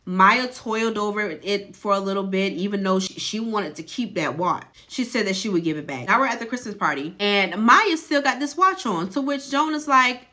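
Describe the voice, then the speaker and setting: A woman host recaps a show in a relaxed, gossipy storytelling voice. Her tone is bright and clear, and her talk is loose and colloquial, as if she is telling a friend the latest drama. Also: mid-range voice, moderate pace, few pauses. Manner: chatty and colloquial, lively gossip tone. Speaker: video host recapping a TV episode.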